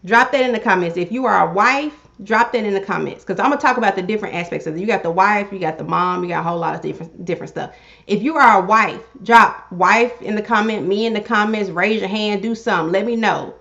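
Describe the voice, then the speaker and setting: A woman talking casually on a livestream, an animated life coach who repeats phrases and calls on her viewers directly. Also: medium pitch, fast, creaky. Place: home room she calls her pink cave. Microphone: livestream setup. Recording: slightly dull livestream audio.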